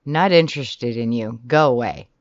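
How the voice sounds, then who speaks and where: A storybook reader voicing a towering demon man in human form who speaks coldly and deliberately, in a slightly dull, dry recording. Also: medium pitch, no echo, lightly acted. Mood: cool. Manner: cold, curt, slow and deliberate.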